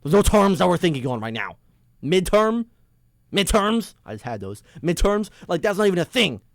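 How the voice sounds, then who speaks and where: A man's voice: on the high side, big pitch swings, fast, creaky, no echo. Young male sports podcast host, fired-up fan venting, dry close-miked sound. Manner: heated, exasperated, swings between loud complaints and mumbling asides. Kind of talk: casual sports rant. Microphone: headphones on, close mic.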